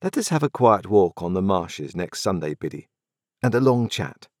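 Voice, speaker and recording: A man's voice: deep voice, sing-song, moderate pace, no echo, clean studio sound. A man voicing an earnest, restless young man in a storybook reading, pleading and impatient. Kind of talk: audiobook character reading.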